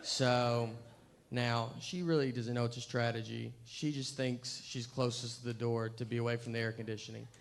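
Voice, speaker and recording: Man, stand-up comic, deadpan, rambling, self-deprecating, mid-pitched. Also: moderate pace, creaky, a little hiss or hum. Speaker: stand-up comedian. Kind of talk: stand-up comedy.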